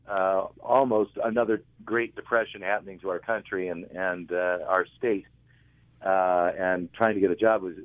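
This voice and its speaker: A man whose voice is on the low side tells casual, meandering anecdotes as an interviewed author, regularly correcting himself mid-sentence. The recording is dry, coming through a tinny phone line.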